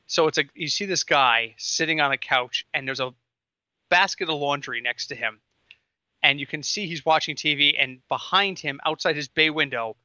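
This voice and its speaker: High bright guy on a football podcast, gets worked up easy, dry dull sound. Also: normal speed, dry recording. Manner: animated, excitable storyteller. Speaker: podcast co-host. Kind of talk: casual sports chat.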